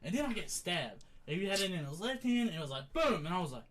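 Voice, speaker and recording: A young man, a podcast co-host, telling a story in casual chat, animated and laughing often. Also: high-pitched, quick pace, slight background noise.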